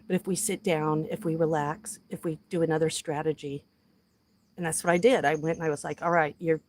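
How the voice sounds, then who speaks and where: Outdoors, a deep-voiced woman chats casually with a live audience on her livestream, emotional and heartfelt, and she talks softly to animals.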